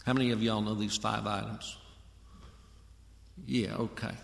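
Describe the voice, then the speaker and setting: A man's voice: lowish voice, little pitch movement, a little slow, vocal fry. Man preaching in an echoey church hall. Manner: folksy, addresses congregation directly. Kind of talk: sermon. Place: church auditorium. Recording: echoey hall with long reverb.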